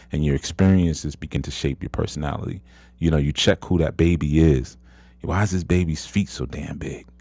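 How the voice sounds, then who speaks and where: A man's voice: low-pitched, a little mellow, no room sound. A man in his thirties hosting an audio chat room, giving a casual motivational talk, emphatic and repetitive with lots of "you know". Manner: emphatic, repeats words, frequent "you know".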